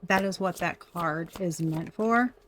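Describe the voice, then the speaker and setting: A woman doing a casual tarot reading for viewers, chatty and quick to laugh. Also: lowish voice, fairly bright tone, a little hiss or hum. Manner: chatty, laughing often, addresses viewers as y'all. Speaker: tarot reader.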